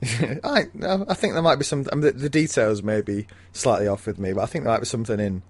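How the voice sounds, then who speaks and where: A man's voice: medium pitch, a little fast, slightly rough, no room sound. A man co-hosting a casual book chat, rambling with bawdy, giggly storytelling. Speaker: podcast co-host. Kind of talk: casual chat about a mystery novel.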